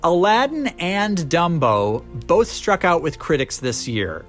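Animated man ranting about movies. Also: a little high, slow pace, faint music behind. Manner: animated, joking rants with fillers. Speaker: podcast host. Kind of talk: casual movie review chat.

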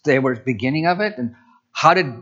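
A man's voice: mid-range voice, lively intonation, fairly quick, fairly bright tone, muffled recording. A man preaching as a pastor, conversational, with asides and restarts. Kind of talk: sermon.

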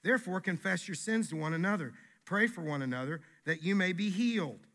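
A man, a pastor, preaching a sermon in an animated, emphatic way, often restarting his words. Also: high-pitched, fairly quick.

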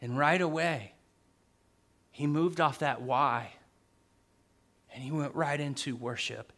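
A male pastor delivering a sermon in a bright, forceful voice, pitched a little high. He speaks slowly and emphatically, repeating key phrases and moving between quiet passages and loud ones.

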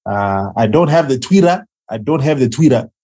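A man's voice: mid-range voice, lively intonation, normal speed, warm tone. A man from Zimbabwe, a guest actor on a podcast, talking loosely and casually with lots of fillers. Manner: laid-back, filler-heavy, loose phrasing.

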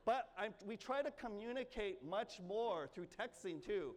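High-voiced preaching man in a hall. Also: unhurried, few pauses. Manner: earnest, repeats phrases, warm coaxing asides. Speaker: pastor. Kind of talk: sermon. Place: church sanctuary. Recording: reverberant church hall, faint ambience.

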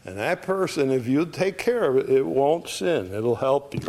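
A man's voice: mid-range voice, lively intonation, moderate pace, darkish tone, a little hiss or hum. A man teaching an adult Bible study in a folksy, conversational way, often checking in with the class.

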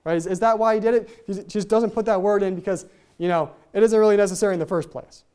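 Fast, stumbling Bible teacher with a mellow voice. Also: medium pitch, fairly even intonation, clear, resonant tone. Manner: talks very fast, trips over own words; repeats key points for emphasis.

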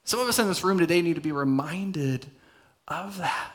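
A male pastor preaching a conversational sermon in a church, dropping to soft, intense tones for emphasis. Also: fairly high pitch, brisk. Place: church hall.

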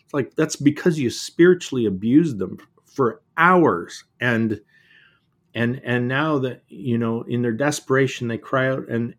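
A middle-aged man talks earnestly in a reflective conversation, his voice sitting at an ordinary middle pitch. He often halts and repeats words as he works through his thoughts. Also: measured pace. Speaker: author and guest.

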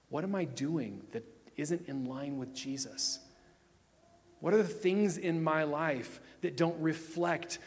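Emphatic preacher man in a reverberant hall. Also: a little high. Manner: emphatic, swinging between loud and hushed. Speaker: pastor. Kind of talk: sermon.

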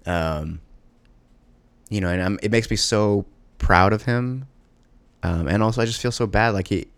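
A man with a low, deep voice speaks haltingly about being a parent, circling back with fillers and restarts. The sound is dry and close, with no room around him. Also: no echo. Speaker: parent of a young child. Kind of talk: personal monologue.

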